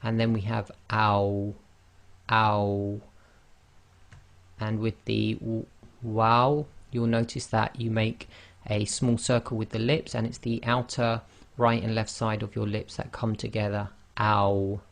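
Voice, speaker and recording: An online Quran teacher, whose first language isn't Arabic, gives a pronunciation lesson on Arabic letters in a lowish, creaky, monotone male voice at a moderate pace. He patiently demonstrates each sound and repeats it.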